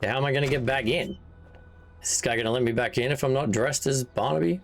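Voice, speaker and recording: A man's voice: medium pitch, fast, slight background noise. A man streaming a video game, chatting casually, thinking aloud and reacting with amusement. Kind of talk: casual let's-play commentary.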